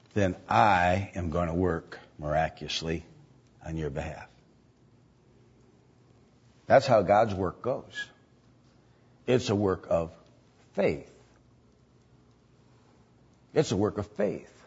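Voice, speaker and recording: Husky rambling male preacher. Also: fairly low pitch, lo-fi sound. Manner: rambling with many fillers and restarts. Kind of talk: storytelling sermon.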